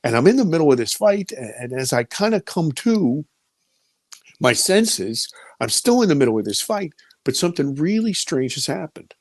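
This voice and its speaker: Gravelly-voiced man telling a vivid story. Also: fairly high pitch, sing-song, moderate pace, no echo, clean studio sound. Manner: vivid storyteller who repeats words when caught up in the story. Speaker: interviewee recounting an encounter. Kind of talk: personal storytelling testimony.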